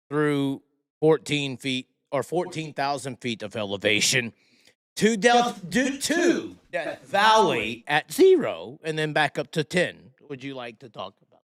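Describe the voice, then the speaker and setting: Male host, a bit high-pitched, rowdy, casual chat with friends. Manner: rowdy, swears and shouts in jest. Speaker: podcast host.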